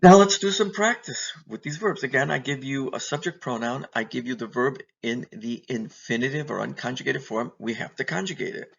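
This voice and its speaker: Gravelly man teaching a language lesson. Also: medium pitch, a little fast, few pauses, muffled recording. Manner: patient, asks and answers his own questions. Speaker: Spanish teacher. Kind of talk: recorded classroom lesson.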